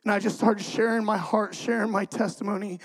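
A young man with a notably high voice preaches his testimony in an animated storytelling way. He drops to hushed, confiding tones, then bursts out loud and excited. Casual phrasing keeps it conversational. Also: fairly quick, rough recording. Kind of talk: energetic testimony sermon.

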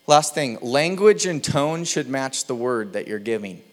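A man preaching a sermon, conversational and animated, sometimes slipping into playful impressions. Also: mid-range voice, measured pace. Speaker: pastor.

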